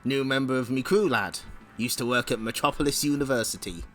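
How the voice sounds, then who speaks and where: A man voicing a gruff, bossy male pirate captain in a comic read-along, with a drawling put-on accent and slow, swaggering delivery. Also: mid-range voice, lively intonation, bright, forceful tone, faint music behind. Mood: boastful. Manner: drawling put-on rogue's accent, calls everyone lad or mate.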